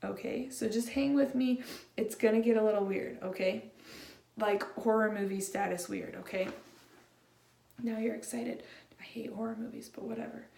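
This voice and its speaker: Gravelly, unhurried woman preacher in an echoey hall. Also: fairly high pitch, steady tone, darkish tone. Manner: chatty, emphatic, slangy. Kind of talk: casual sermon. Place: large room with a congregation. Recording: roomy echo, faint room noise.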